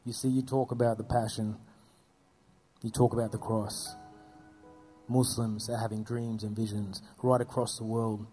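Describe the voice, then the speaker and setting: A man telling earnest faith stories as an interview guest, dropping his voice low at solemn moments. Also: level tone, normal speed, pauses often, dark tone, faint music behind. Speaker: guest speaking about persecuted churches. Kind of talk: storytelling testimony.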